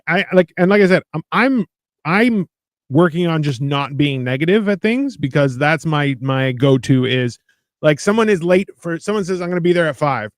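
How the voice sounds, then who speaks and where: A man's voice: a little high, dry recording. A man co-hosting a casual podcast, blunt and sarcastic, pushing back on the others with crude banter. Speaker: podcast co-host.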